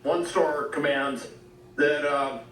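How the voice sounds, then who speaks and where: A man explaining military command structure in a measured broadcast interview, full of military jargon. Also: fairly high pitch, fairly even intonation, fairly bright tone. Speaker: military commentator. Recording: clip replayed, roomy and distant.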